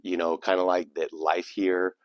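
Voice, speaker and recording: Deep-voiced man hosting a poetry reading. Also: level tone, a little slow, no echo. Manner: reflective, digressive. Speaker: channel host. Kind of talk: casual commentary and poetry reading.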